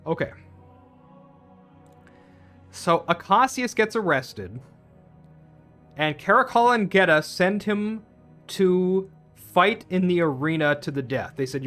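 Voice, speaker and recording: A man's voice: high-pitched, lively intonation, slow, long pauses, fairly bright tone, soft background music. Man ranting through a film recap. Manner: rambling, profane, with many restarts. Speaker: film reviewer.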